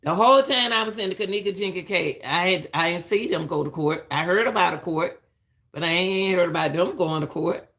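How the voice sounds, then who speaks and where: A woman's voice: fairly low pitch, a little fast, fairly bright tone. A middle-aged woman giving emphatic, preachy live-stream commentary and repeating lines for stress.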